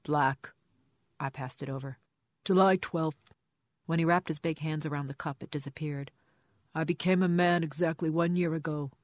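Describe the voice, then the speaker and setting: An audiobook narrator voicing a drunk, drugged young man who talks slowly, mumbling and sulky. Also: mid-range voice, fairly even intonation, no room sound, natural voice. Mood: slurring. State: drunk and slurring. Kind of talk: audiobook character voice.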